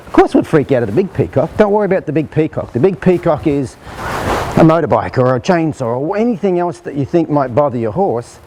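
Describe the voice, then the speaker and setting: A horse trainer spins a yarn in a relaxed, folksy way, often checking in with his listeners. His voice sits a bit high yet sounds warm and mellow. He is outdoors, with faint noise behind him. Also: quick pace, rough recording. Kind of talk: storytelling while demonstrating.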